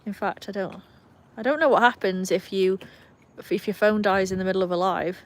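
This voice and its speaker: A woman's voice: mid-range voice, brisk. A young British woman talks casually into her phone on an outdoor live stream. Her chat wanders and pokes fun at herself, and she reads out her viewers' comments as she goes. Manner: chatty, self-mocking, reads viewer comments aloud. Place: outdoors in cold weather with her dogs.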